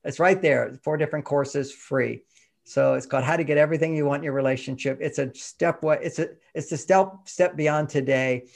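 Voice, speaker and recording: Male author guest from Texas, fairly high, gravelly voice, animated and emphatic. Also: a little fast. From Texas, USA. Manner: emphatic, animated, laughs mid-sentence. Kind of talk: conversational interview.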